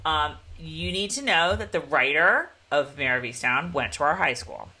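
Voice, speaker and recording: Lively bright-voiced woman co-host. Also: deep voice, moderate pace. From Pennsylvania, USA. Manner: rambling, chatty, laughs often. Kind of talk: casual chat.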